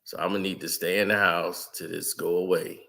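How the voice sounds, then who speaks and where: A man's voice: deep voice, little pitch movement, brisk, gravelly, pushed and bright. Angry man ranting on a stream. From Chicago, USA. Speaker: sports commentary streamer. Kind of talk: angry live-stream rant.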